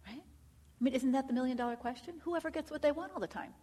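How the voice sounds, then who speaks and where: With a high, warm voice and a fast pace, a woman teaches counseling students, firing off many rhetorical questions and acting out what clients say.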